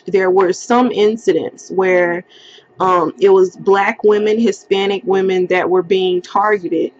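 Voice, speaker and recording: A woman's voice: steady tone, unhurried, a little mellow, muffled recording. Young woman telling an emotional storytime. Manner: emotional storytelling, acts out quotes in a high crying voice. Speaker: vlogger. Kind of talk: storytime vlog.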